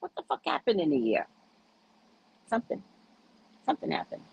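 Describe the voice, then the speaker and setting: This podcast host is a woman whose storytelling is brisk and full of huge pitch swings as she acts out the dialogue, laughing often and cursing bluntly in a casual chat. Her voice is husky and a little mellow with vocal fry, captured in a rough recording.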